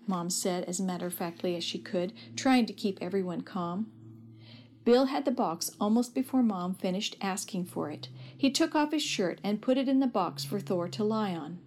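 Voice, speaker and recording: A woman narrating a children's story aloud in a steady, gentle read. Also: medium pitch, normal speed.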